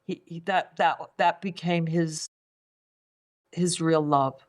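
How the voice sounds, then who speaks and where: A woman's voice: low-pitched, steady tone, slow. An older woman from England speaking as a podcast guest, reflective and prone to repeating words as she searches for them. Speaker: guest, five element acupuncturist. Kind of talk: conversational podcast interview.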